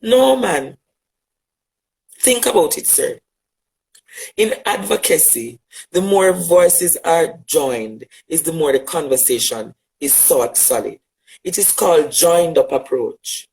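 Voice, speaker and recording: This impassioned monologue comes from a Jamaican LGBTQ advocate addressing a critic, full of rhetoric and repeated phrases for emphasis, delivered in a Jamaican accent. He speaks slowly and expressively in a slightly high, gravelly, somewhat mellow voice. The audio is poor.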